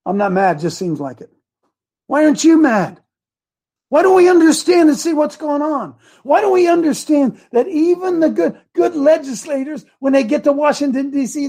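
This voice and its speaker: A man giving a fiery political speech to a crowd, shouting rhetorical questions. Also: very high-pitched. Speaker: speaker addressing a crowd.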